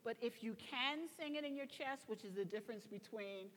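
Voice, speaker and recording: A woman's voice: fairly high pitch, moderate pace, a bit bright, long reverb tail, slight background noise. A woman coaching a choir through a gospel song, speaking her instructions and breaking into sung demonstrations. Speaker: vocal coach teaching a choir. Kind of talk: singing lesson.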